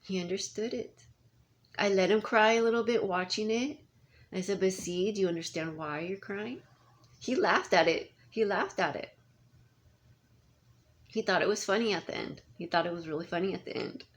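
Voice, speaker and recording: A woman in her thirties who is a parent talks in a casual, rambling monologue, full of restarts and asides. Her voice is medium-pitched at a moderate pace, with faint background noise.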